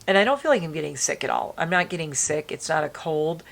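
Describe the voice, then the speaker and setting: Female vlogger, rambling chatty delivery, deep gravelly voice, allergy-strained throat. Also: lively intonation, fast talker. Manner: rambling, talks to viewers with restarts. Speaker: beauty vlogger. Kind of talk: casual chatty vlog. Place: indoors at home.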